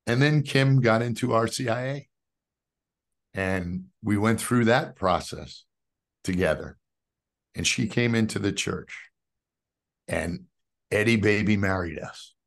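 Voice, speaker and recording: A middle-aged man from New York tells his faith story as a podcast guest, in a voice that sits somewhat low. He talks in an animated, storytelling way and calls the host brother. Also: slow pace, pauses often. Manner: animated storyteller who acts out quoted dialogue. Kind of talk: personal faith testimony.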